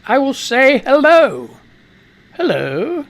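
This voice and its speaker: A man's voice: high voice, expressive, normal speed, gravelly, fairly bright tone. A middle-aged American man hosting a live radio news show, rambling and profane, talking back to himself as he reads the news. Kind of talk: casual live-stream news commentary.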